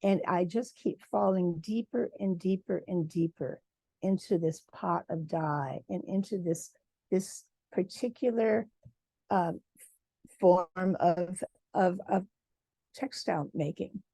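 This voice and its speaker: A woman from Michigan, a textile artist, giving a lively personal talk at a symposium and acting out quoted dialogue. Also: on the low side, slow, creaky, breathy edge, no room sound. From Michigan, USA. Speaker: guest speaker, textile artist.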